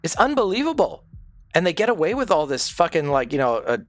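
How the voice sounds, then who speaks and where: A man's voice: on the high side, very animated, fast talker, no echo. Profane, ranting man streamer. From not from the United States. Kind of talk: casual rant during a game stream.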